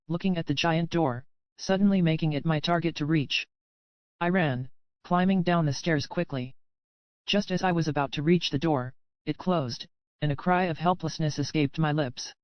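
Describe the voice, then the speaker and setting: A woman narrating a first-person romance audiobook in a steady storytelling manner, heard as dry, slightly dull audio. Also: low-pitched, no echo.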